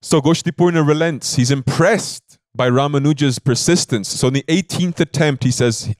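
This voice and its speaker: A man's voice: on the high side, moderate pace, few pauses, dry recording, studio quality. A man giving a devotional sermon as a spiritual teacher, telling a story in an emphatic, conversational way and often checking in with his listeners.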